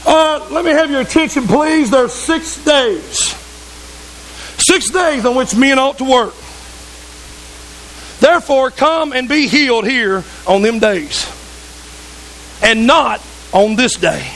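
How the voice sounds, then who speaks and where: A stiff, self-important synagogue ruler , as a preacher acts him out, drawls a slow, halting announcement in a very high male voice. Faint hiss sits under it. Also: fairly bright tone, heavily acted, low-quality recording. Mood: stern.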